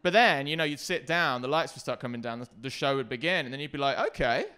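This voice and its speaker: A man doing a stand-up comedy set, self-deprecating and hesitant with many ums, sometimes breaking into loud shouted bits. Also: medium pitch, fast talker, clean tone.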